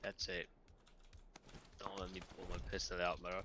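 A man's voice: low-pitched, completely flat delivery, normal speed. A man on voice chat as a squad teammate, brash and swearing freely. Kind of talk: casual gaming chat. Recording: noisy voice chat.

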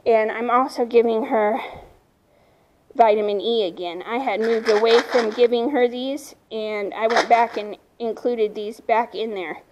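Her voice a little mellow and somewhat high, this woman speaks unhurriedly with fairly even intonation in a lo-fi recording carrying a little hiss or hum. She's a horse owner vlogger at her farm, chatting outdoors to camera about her horse and breaking off now and then to talk to her animals.

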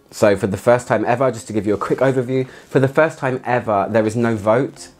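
An excitable man talks casually through a product review and laughs easily. His voice sits at an ordinary middle pitch for a man. Faint music plays quietly behind him. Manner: chatty and excitable, laughs often. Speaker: fragrance reviewer.

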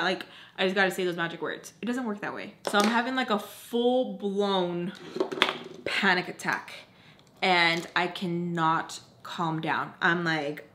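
A young woman in her twenties telling a casual storytime vlog at home, animated, filling every phrase with "like" and acting out what people said. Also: fairly low pitch, a little slow. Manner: animated, fillers "like" constantly, acts out quoted lines. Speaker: vlogger.

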